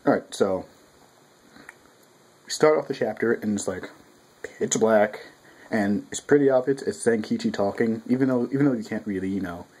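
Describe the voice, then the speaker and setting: Young guy ranting about a manga chapter, lots of swearing, kinda low and husky. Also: normal speed, long pauses, low-quality recording. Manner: profane, rambling, animated quoting. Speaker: manga reviewer. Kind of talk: casual chapter review. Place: home room with a cat.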